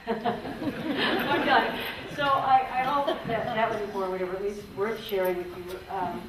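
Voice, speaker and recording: A woman speaks at a symposium in a frank, earnest way, circling back and restarting her sentences as she works her way through a point. She is heard from well back in a strongly echoing hall, with a faint hiss of noise underneath. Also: mid-range voice. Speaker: symposium presenter, former range conservationist. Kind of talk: conference talk with questions. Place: conference hall. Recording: echoey hall, distant mic, faint noise.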